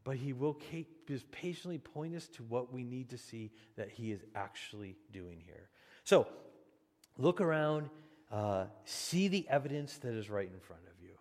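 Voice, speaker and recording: A man preaching a sermon as pastor, in an animated, conversational way with frequent restarts. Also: mid-range voice, normal speed. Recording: long hall reverb.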